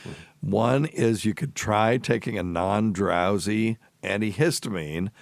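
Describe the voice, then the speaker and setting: Deep-voiced radio doctor host. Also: male voice, slow pace, vocal fry, no room sound. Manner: thinks aloud, corrects himself. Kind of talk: casual radio Q&A.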